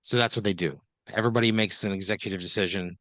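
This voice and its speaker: A man with a somewhat low voice improvises a comic adventure story, talking loosely and piling on fillers as he goes. The sound is dry and close, like a podcast mic. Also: fast, pushed and bright, no echo. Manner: loose, rambling second-person storytelling with many fillers. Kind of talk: improvised comedic narration.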